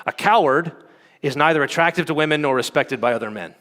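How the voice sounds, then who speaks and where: Fairly high-voiced man lecturing in a hall. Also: lively intonation, fast, bright, forceful tone. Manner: conversational, frequent fillers and "okay?" check-ins. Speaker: conference speaker. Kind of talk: teaching talk. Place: conference hall. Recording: long hall reverb.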